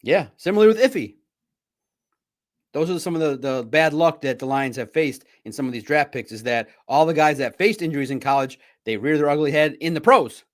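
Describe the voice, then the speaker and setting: A man's voice: on the high side, expressive, brisk. A man hosting a casual sports livestream, rambling and self-deprecating, often laughing at himself. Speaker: sports podcast host and reporter.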